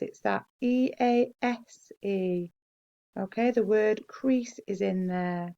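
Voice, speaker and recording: Woman, primary teacher, slow dictation, gentle praise, gravelly voice. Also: a little high, highs cut off. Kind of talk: spelling lesson for children.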